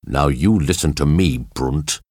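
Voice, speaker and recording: Man voicing a steady injured survivor, firm and urgent, deep voice, slow, storybook reading. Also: slightly rough, no echo, clean studio sound, heavily acted. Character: steady injured male crash survivor leader.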